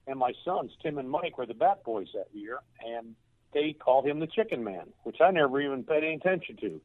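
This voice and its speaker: An older man, a former baseball coach, tells a moving personal story in a halting way, repeating words as he is moved to tears. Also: medium pitch, lively intonation, no room sound. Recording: tinny phone line.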